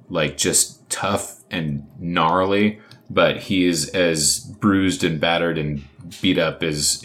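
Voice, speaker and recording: Deep-voiced man narrating as game master. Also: fairly bright tone. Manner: halting, many restarts, casual.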